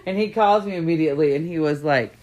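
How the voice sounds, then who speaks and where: A young adult woman with a low voice tells a story to her podcast co-host in casual chat. She acts out what other people said, jumping her voice high for quotes. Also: quick pace. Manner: animated storyteller, acts out quotes with big pitch jumps.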